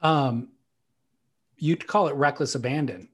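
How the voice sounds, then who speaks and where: A man co-hosting a podcast, chatting casually about surfing in a relaxed, teasing way. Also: medium pitch, measured pace, slightly rough. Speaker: podcast co-host. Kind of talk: casual surf talk chat.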